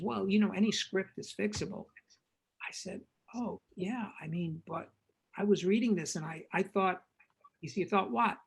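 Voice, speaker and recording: Older director as interview guest, husky and gravelly, a lively raconteur who performs each quote. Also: male voice, high voice, rough recording. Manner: lively raconteur, acts out quoted dialogue, frequent repetitions. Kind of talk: animated storytelling anecdote.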